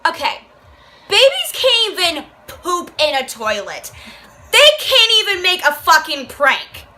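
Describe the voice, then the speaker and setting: A woman's voice: extremely high pitch, wildly swooping pitch, a little slow, pushed and bright, poor audio. A young woman vlogger reading a book aloud and reacting with profane, exasperated commentary. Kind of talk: casual rant, reading aloud.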